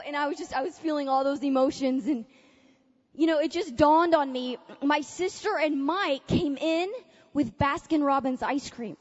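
A woman speaking at a conference, telling a personal story in an animated way and acting out her own past thoughts. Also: high voice, normal speed. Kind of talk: testimony-style talk to a conference audience. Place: large conference hall. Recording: dull lo-fi capture in a large reverberant hall.

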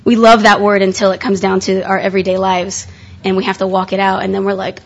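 Heard on a muffled, lo-fi live recording, a young conference speaker preaches a sermon in a gravelly, medium-pitched voice. She talks fast and casually, chatting with lots of fillers and restarts.

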